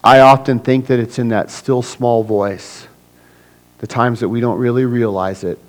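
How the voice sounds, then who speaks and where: A man's voice: steady tone, a little slow, low-quality recording. A man preaching to his church in a conversational way, often acting out little scenes with other people's voices. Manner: conversational preaching, acts out voices of people with big swings in pitch and loudness. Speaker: pastor. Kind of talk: sermon.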